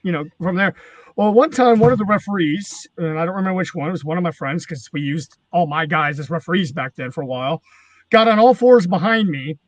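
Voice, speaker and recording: A former wrestling manager with a high voice tells rambling, profane stories at a brisk pace in casual chat.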